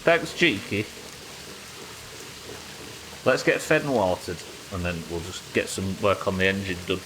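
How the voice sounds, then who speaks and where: Lowish, sweary British streamer. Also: male voice, lively intonation, fairly quick, background noise. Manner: chatty, sweary, talks to chat while working. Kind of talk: live gameplay commentary.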